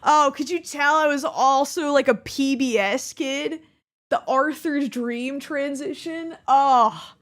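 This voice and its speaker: A young woman hosting her channel, rambling through casual commentary on her old videos. She restarts her sentences often and laughs along the way. Her voice sits high. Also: slow pace, fairly bright tone. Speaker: YouTuber host.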